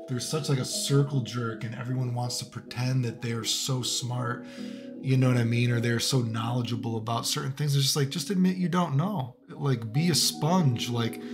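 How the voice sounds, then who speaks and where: A man rants casually about fighting games. He swears freely and rambles, full of "you know" and "dude," in a medium-pitched voice, with music playing clearly under him. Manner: casual, profane, rambling, with many fillers. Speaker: fighting game streamer and commentator. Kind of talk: ranting commentary.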